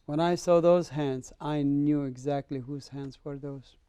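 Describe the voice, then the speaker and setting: Middle-aged man from the Middle East, interview guest, animated storyteller, mellow tone, dry close sound. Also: on the high side, unhurried, clear, resonant tone, dry recording. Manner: animated storyteller, acts out dialogue. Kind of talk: personal testimony in an interview.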